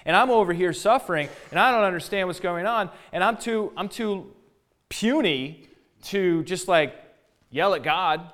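Guy doing job, desperate and fed up, rushing his complaints, kinda high pitched. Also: a bit bright. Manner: pleading, rushed, rising complaints. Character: suffering biblical man Job, desperate, exasperated.

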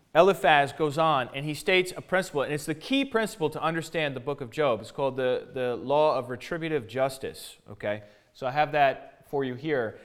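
A man preaching from the Bible in a casual, conversational way, paraphrasing in modern slang and often repeating words as he goes. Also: on the high side.

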